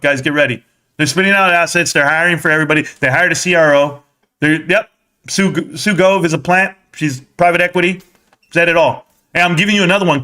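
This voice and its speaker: A man's voice: on the high side, sharp tone. A man hosting a stock market live stream, ranting heatedly and combatively as he answers his chat.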